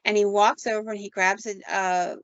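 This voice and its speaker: A woman podcast host telling a story in an animated, conversational way, often quoting people with "like". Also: medium pitch, moderate pace, clear, resonant tone, no room sound. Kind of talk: casual storytelling. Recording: dull, dry sound.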